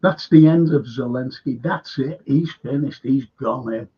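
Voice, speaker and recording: A man's voice: mid-range voice, unhurried, slightly rough. A man hosting a live stream, rambling emphatically, repeating himself and firing questions at his viewers. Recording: dull lo-fi stream audio.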